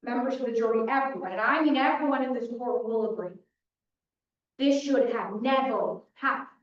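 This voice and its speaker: In a dull, echoey hall, recorded from a distance, a young woman presents a dramatic defense opening statement for a mock trial. Her pitch is fairly high and her pace moderate, and she lays out the story in short, punchy sentences.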